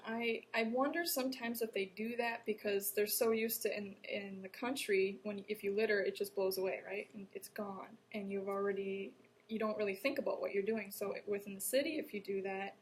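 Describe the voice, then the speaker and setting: A woman's voice: mid-range voice, a little hiss or hum, rough recording. A woman from Wisconsin, a horticulture educator explaining plainly as an interview guest.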